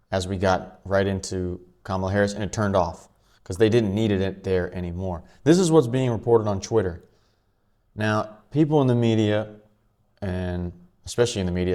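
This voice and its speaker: A man with a fairly low voice hosts his own commentary vlog. He talks quickly and offhandedly, dropping chuckling asides as he goes. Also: darkish tone. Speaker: channel host.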